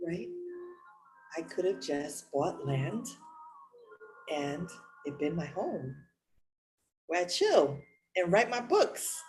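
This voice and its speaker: A woman's voice: deep voice, mellow, rough recording. A woman preaching a raw, emotional sermon, candid and searching for words. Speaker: spiritual leader. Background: music.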